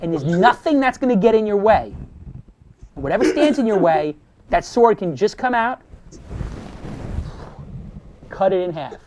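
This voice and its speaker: Punchy, high-voiced male storyteller. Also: a little slow, pauses often, noisy background. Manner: animated, punchy storyteller with sound effects. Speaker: host giving a talk to students. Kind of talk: motivational storytelling.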